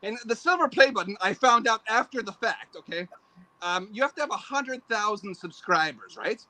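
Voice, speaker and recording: A man's voice: sits high, animated, normal speed, sharp tone, no echo, low-quality recording. An older man, a show host, chatting as a podcast guest in a rambling, self-deprecating way. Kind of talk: casual podcast chat.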